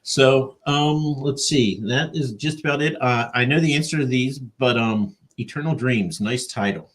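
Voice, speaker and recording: A man's voice: mid-range voice, measured pace. A middle-aged man hosting a casual video-call interview, telling stories in a dry, rambling way. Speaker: podcast host.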